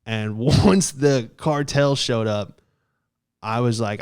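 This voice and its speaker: Young male podcast host, mid-pitched, smooth clear voice, loose profane anecdote style. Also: slow pace. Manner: rambling, profane, heavy on fillers. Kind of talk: casual comic storytelling.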